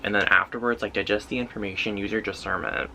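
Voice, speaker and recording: A man talking through a tarot reading in a relaxed, intuitive way, with lots of "like" fillers. His voice sits a bit low but has a bright, tense edge. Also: fast, slight background noise, rough recording. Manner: loose and intuitive, heavy use of "like" fillers. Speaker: tarot reader. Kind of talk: casual pick-a-card tarot reading.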